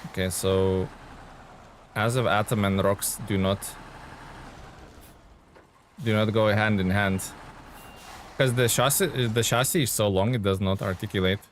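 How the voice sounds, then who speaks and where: With a lowish voice and a steady tone, a man streams a truck game live, speaking at a measured pace broken by long pauses. He keeps up casual chatter with his audience, greeting and thanking chat as he plays. The audio carries a little hiss or hum.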